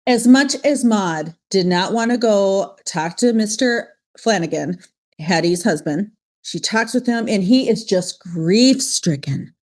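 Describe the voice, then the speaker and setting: A woman co-hosting a podcast, recapping a sitcom with animated delivery and acted-out quotes. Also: mid-range voice, measured pace. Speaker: podcast co-host. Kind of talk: casual chat recapping a sitcom episode.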